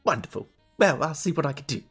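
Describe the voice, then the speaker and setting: رجل يؤدي صوت جواهرجي قزم متأنق ومتكبر. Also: male voice, big pitch swings, fast, music in the background. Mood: fussy, disdainful. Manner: prissy, disdainful, high-pitched and fluttery. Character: fussy gnome jeweler, balding, obsessively clean.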